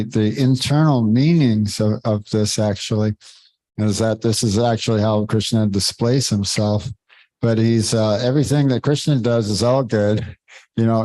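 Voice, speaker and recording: Low-ish mellow guy teaching a scripture class, lots of uhs and pauses, dry sound. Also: no echo, poor audio. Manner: halting, searching for words, frequent fillers; informal, chuckles between points.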